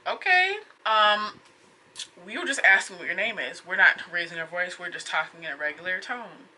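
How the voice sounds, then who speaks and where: A woman's voice: lowish voice, normal speed. A young woman vlogger recounting a frustrating run-in in a casual, exasperated way, full of "like"s. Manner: exasperated, animated retelling with many "like"s. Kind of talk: casual storytelling vlog.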